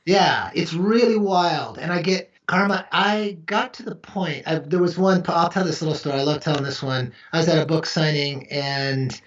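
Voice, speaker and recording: A man spins anecdotes in an interview, acting out each exchange with animated energy. His voice sits back from the mic in a reverberant room. The audio is muffled and dull. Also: fairly high pitch, normal speed, few pauses. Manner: animated storyteller acting out dialogue. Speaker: author and interview guest. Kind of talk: storytelling interview chat. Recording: echoey, distant, dull remote audio.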